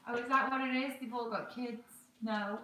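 A woman's voice: on the high side, steady tone, moderate pace. A woman chatting casually on a livestream, talking to her baby and her viewers while she opens gifts. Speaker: livestream host. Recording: echoey room, far from the mic, noisy background.

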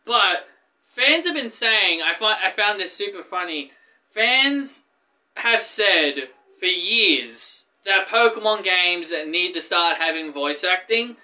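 A man hosting a casual gaming news vlog, excitable and rambling, often restarting his sentences. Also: high voice, slow pace. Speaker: gaming YouTuber.

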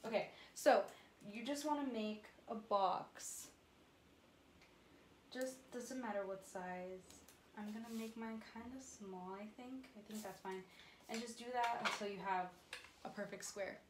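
A woman's voice: mid-range voice, unhurried, a little hiss or hum. A young woman chatting casually as she teaches painting at home, rambling and filling gaps with um and like. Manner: chatty, rambling, says um and like a lot. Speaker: vlogger. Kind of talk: casual painting tutorial chat. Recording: roomy echo with music behind.

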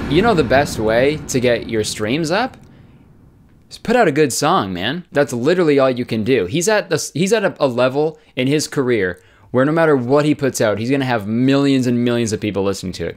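A young man giving sarcastic comedic commentary, ranting with swearing and exaggerated asides. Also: medium pitch. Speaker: YouTube commentator.

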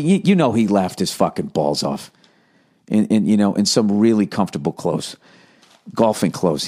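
A man's voice: medium pitch, darkish tone. A man hosting a podcast, delivering a profane, mocking comedic rant and laughing as he reads aloud. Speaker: podcast host.

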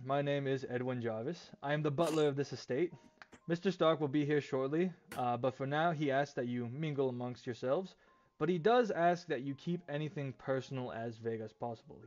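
A man's voice: medium pitch, darkish tone, dull audio, close to an everyday voice. A man voicing a formal older male butler in an attempted British accent, polite and stiff.

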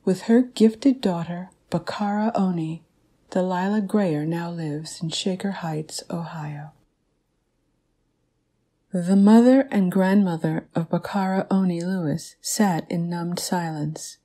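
A woman narrating an audiobook in a measured, even reading manner. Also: lowish voice.

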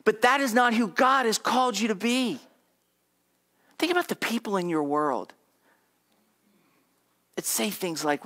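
A man's voice: high-pitched, animated, a little slow, pauses often, sharp tone. A male pastor preaching a conversational sermon, leading the congregation in repeated affirmations. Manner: conversational, repetitive affirmations, audience call-and-response.

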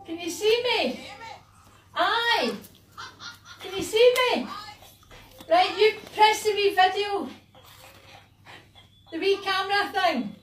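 A woman's voice: extremely high pitch, expressive, slow, long pauses, crowd noise. A woman filming her family, coaxing and laughing in casual chat.

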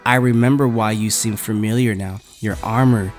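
A man's voice: on the low side, steady tone, moderate pace, faint music behind, pitched below the performer's own voice, lightly acted. A man voicing a proud, savage male Viking warrior who boasts and threatens. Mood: menacing.

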